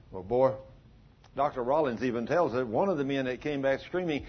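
A man preaching a sermon as a pastor, telling stories in a folksy way with dramatic pauses. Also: medium pitch, animated, breathy edge. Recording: dull lo-fi recording.

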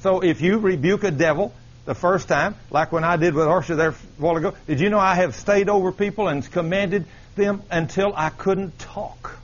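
A man preaching a sermon, animated and firing questions at his congregation, on a dull lo-fi recording. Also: high-pitched, moderate pace.

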